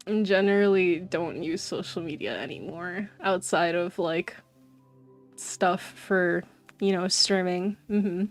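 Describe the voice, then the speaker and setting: A woman's voice: fairly low pitch, slow pace, faint music behind. A young woman streaming, chatting casually and animatedly with her viewers and often saying "bro". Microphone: desk mic.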